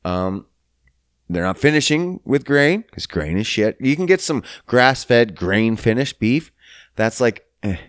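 A man giving a heated, profane ranting monologue, blunt and quick to swear. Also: medium pitch, sing-song, dry recording, clean studio sound.

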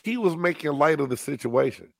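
A man's voice: on the high side, lively intonation, a little fast, vocal fry, no room sound. Laid-back podcast man. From Texas. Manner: laid-back, laughing retelling. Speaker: podcast co-host. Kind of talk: casual chat.

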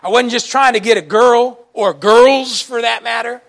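A man preaching a sermon to a congregation, telling folksy stories in an animated way and breaking into shouts now and then. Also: very high voice, normal speed, vocal fry. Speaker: pastor. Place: church service before a congregation.

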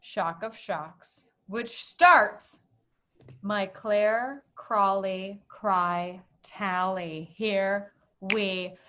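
A woman's voice: medium pitch, drawn-out words, pushed and bright. A woman hosting a casual chat show, upbeat and steering the talk. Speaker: podcast host.

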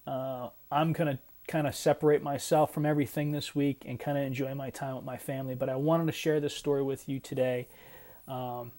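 A middle-aged man talking in a casual vlog, emotional and choked up, halting with many fillers. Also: medium pitch, flat delivery, dark tone. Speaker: parent vlogger.

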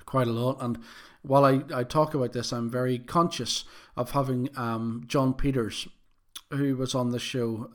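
A man hosts his own podcast alone, chatting casually at a middle pitch. He rambles, restarts his sentences and fills the gaps with ums, often poking fun at himself. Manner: rambling, self-deprecating, many fillers and restarts. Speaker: podcast host. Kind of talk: casual solo podcast monologue.

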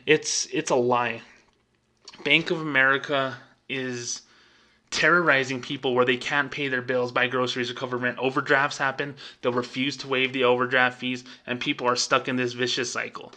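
A man's voice: medium pitch, pushed and bright. Indignant man ranting about banks. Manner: emphatic, indignant, repeats himself for stress. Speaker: podcast host and former bank employee. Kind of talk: casual rant.

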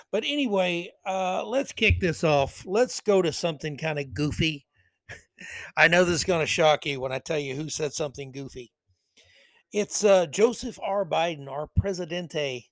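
A male podcast host with a fairly high voice, delivering political commentary. He reads passages aloud and keeps cutting in with sarcastic, mocking remarks. The sound is dry and close, with no room echo. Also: fairly bright tone.

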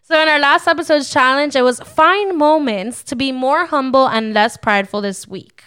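A woman's voice: high voice, moderate pace, bright, forceful tone. A young adult woman co-hosting a casual Christian podcast, upbeat and a little preachy, laughing often. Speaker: podcast co-host. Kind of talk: casual faith-based podcast talk.

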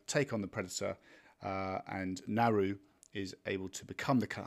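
A man co-hosting a casual chat, recapping a plot with hesitant fillers and dry jokes. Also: fairly low pitch. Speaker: podcast co-host summarizing a film plot.

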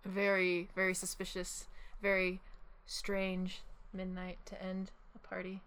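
A woman chats casually at an ordinary middle pitch. She giggles often and rambles, piling up fillers. The talk is loose and unscripted. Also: completely flat delivery, measured pace, a bit bright, clean tone. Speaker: author of the story being read. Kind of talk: casual chat.

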